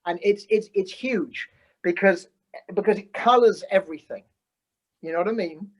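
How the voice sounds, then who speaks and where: A man's voice: high voice, moderate pace, rough recording. A man, a physician guest on a podcast, explaining his approach earnestly and restarting sentences as he goes. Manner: earnest, explanatory, repeats words as he starts sentences. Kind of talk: conversational podcast interview.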